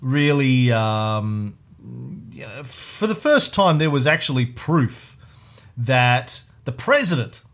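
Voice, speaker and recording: A man co-hosting a history podcast in loose, rambling talk. He swears casually and trips over fillers and restarts as he works through his point. His voice sits at an ordinary middle pitch. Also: sing-song, slow, fairly bright tone. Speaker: podcast co-host.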